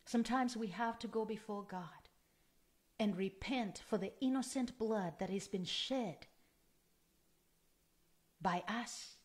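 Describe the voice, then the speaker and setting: A woman's voice: mid-range voice, slow pace, pauses often. A woman preaching a sermon in an earnest, emphatic way, repeating key phrases for stress.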